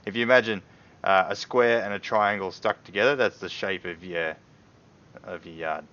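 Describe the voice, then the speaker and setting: A man with a very low voice narrates a tabletop game as its game master. He hesitates and rambles, circling back with fillers. The stream audio is dull and lo-fi. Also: moderate pace, pushed and bright.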